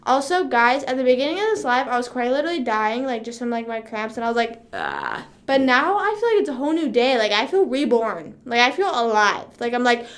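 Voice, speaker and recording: A woman's voice: a little high, expressive, fast talker, few pauses. A young woman hosting a casual livestream chat, bubbly and rambling, saying "like" constantly and breaking into song. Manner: bubbly, rambling, heavy use of "like", bursts into song. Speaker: livestream host.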